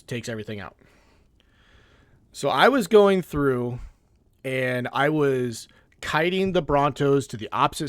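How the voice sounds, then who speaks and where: A mid-pitched man tells a gaming story on a casual podcast, animated and restarting his sentences often. His voice is close and dry, with no room echo. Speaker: co-host.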